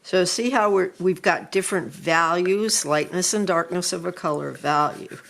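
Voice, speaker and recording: A middle-aged woman, an art teacher, talking through a drawing lesson in an unhurried, chatty way while she sketches. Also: fairly low pitch, gravelly, a bit bright.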